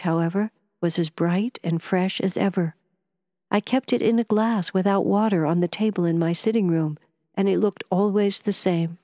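A woman narrating a novel in the first person, reading in a measured, even storytelling manner. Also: medium pitch, no echo, studio quality. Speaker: audiobook narrator.

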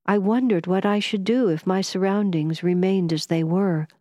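A woman narrating a novel in the first person, reading in a measured, even storytelling manner. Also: medium pitch, no room sound, studio quality. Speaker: audiobook narrator.

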